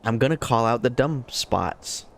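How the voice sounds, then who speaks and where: Lively, excitable male game streamer. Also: unhurried, vocal fry. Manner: excitable, jokey, swings between big highs and low mutters. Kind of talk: casual live-stream commentary.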